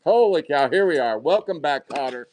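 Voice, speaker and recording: A man hosting a live card break, calling out hits in a hyped, rapid, joking way while out of breath. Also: a little high, expressive, darkish tone.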